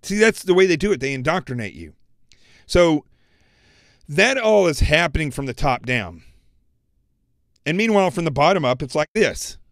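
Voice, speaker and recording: A man delivers a heated political monologue, speaking straight to "folks" at home. His voice sits a little high for a man, and the sound is close and dry, with no room around it. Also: lively intonation, normal speed, long pauses, a bit bright, no room sound. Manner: fired-up, addressing viewers as folks. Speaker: political commentary show host.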